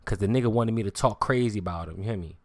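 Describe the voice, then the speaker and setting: A man's voice: lowish voice, fast. A man on a live stream, ranting in a heated, profane and confrontational way, repeating himself and pressing his listeners with questions. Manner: insistent, keeps asking "you hear me". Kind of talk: heated livestream rant.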